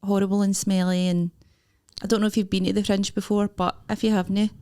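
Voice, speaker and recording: A woman's voice: medium pitch, little pitch movement, fairly quick, mellow, clean tone. A young Scottish woman co-hosting a comedy podcast, chatting casually and throwing out questions. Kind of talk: casual chat.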